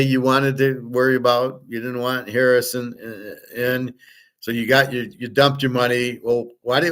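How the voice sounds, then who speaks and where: A man holds forth on his own show in a blunt, rambling monologue. He swears freely and mocks the people he disagrees with. His voice sits at an ordinary middle pitch. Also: fairly bright tone. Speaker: host. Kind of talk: opinionated monologue.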